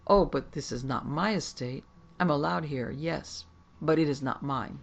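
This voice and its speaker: A woman voicing a gaunt, sinister gentleman sorcerer who speaks in a well-bred, superior way with a faint foreign accent. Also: low-pitched, measured pace, vocal fry, exaggerated voice. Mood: scornful.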